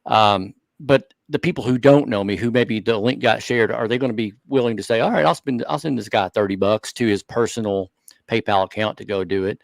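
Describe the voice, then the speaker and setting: A man co-hosting a hobby talk show, speaking earnestly and thinking out loud in casual chat. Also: lowish voice, fairly quick, vocal fry, dry recording. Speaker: show co-host.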